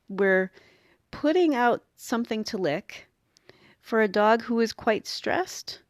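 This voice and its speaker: A woman with a medium-pitched voice, recorded dry with clean studio sound, hosts a podcast as a dog groomer. She explains training in a casual, chatty way, interrupting herself and acting out little voices.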